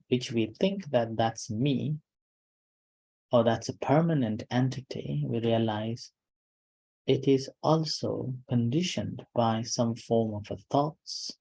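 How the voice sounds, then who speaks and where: A man giving a calm dharma talk as a meditation teacher, in short, unhurried phrases with pauses between them. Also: medium pitch, creaky, low-quality recording.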